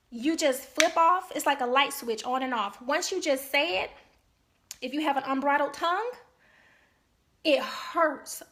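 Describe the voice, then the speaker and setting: A woman's voice: high-pitched, fairly bright tone. A woman marriage counselor giving an earnest, emphatic talk to couples, often checking in with "okay?".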